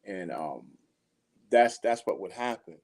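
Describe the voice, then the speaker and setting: A man in a casual scripture discussion who answers in a measured, thoughtful way and often pauses on "um". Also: low voice, lively intonation, a little mellow. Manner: measured and thoughtful, with frequent ums. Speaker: podcast co-host in a scripture discussion.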